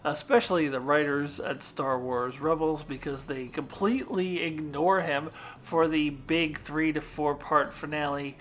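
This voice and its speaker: Chatty, enthusiastic woman hosting a countdown in her own casual video. She talks freely and eagerly, with plenty of uh's as she goes. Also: deep voice. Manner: chatty and enthusiastic, frequent "uh" fillers. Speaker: video host.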